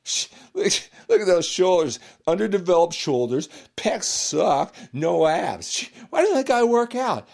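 A man's voice: high voice, very animated, measured pace, creaky, hardly any pauses, darkish tone, voice pushed up, exaggerated voice. A man putting on the voice of cocky, vain young gym bros in a boastful, mocking way. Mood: smug.

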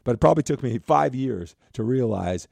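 A man's voice: medium pitch, animated, a little fast, gravelly, a little mellow, no room sound. A man in his fifties, a podcast host and coach, telling a story in a rambling, self-correcting way and often asking "right?". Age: 50s. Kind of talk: casual storytelling monologue.

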